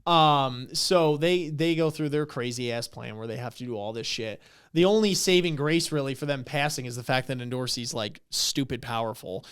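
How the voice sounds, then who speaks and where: A man's voice: mid-range voice, normal speed, fairly bright tone, smooth. A young man hosting a podcast, recapping in casual, profane, rambling chat. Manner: profane, rambling, acts out quotes. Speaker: podcast host.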